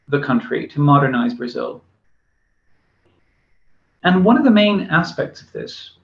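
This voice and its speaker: A man with a slightly high voice and vocal fry delivers a recorded university lecture full of fillers and restarts. The room is echoey and the sound is dull and lo-fi.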